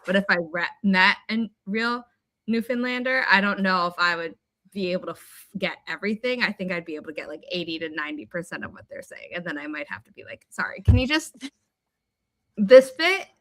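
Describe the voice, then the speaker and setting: A chatty woman hosts a casual writing livestream from home, her voice bright and clear. She rambles through stories with lively asides, and the sound is dry and close with little room echo. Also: on the low side, quick pace. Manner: chatty, rambling, animated storytelling. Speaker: writing sprint host.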